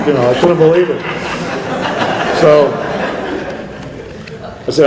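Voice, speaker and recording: A man's voice: medium pitch, normal speed, pauses often, a crowd in the background. Guy rambling thru his aa story, lots of "you know", echoey room. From New Jersey. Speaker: AA speaker. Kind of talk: recovery story talk. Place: meeting room.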